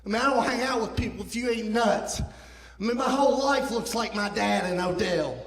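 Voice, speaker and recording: A man's voice: high voice, a little fast, gravelly. A man in his thirties giving a guest testimony at church, telling his life story with impassioned, rising emotion. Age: 30s. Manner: impassioned storytelling, rising to near-shouting at peaks. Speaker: guest speaker. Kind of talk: testimony talk. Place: church sanctuary. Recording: roomy church hall reverb.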